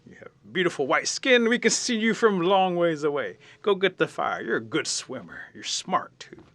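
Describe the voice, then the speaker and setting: A big male bear who leads the animals' council, solemn and proclaiming, as a storyteller puts him on. The voice is bright and carries well, like a spoken storybook. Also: high-pitched, lively intonation, normal speed, voice pushed up. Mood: encouraging.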